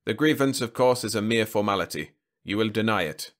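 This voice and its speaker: A man's voice: fairly low pitch, a little fast, lightly acted. A man voicing a towering insect alien committeeman with a clicking, droning delivery. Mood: flat.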